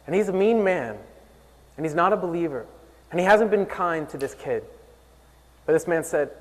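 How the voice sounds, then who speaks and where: A man preaching a sermon, telling a story earnestly and rising and falling in pitch and volume. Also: lively intonation, normal speed, pauses often, in a large hall, low-quality recording. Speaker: pastor.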